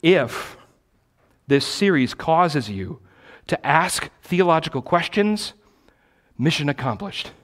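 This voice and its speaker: Man, pastor, teaching sermon, high voice, very lively intonation, emphatic, repeats phrases for stress. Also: slow, pauses often.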